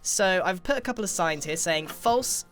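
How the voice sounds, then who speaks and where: An upbeat male host chatting casually through a game session, with a lively, laugh-prone delivery. He sounds friendly and animated as he explains things to his friends. Faint music hums in the background. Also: high-pitched, normal speed. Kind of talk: casual gaming chat.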